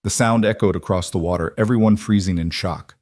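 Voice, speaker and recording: Male narrator, low and steady, dry studio sound. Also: a little fast, no echo. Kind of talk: scripted story narration.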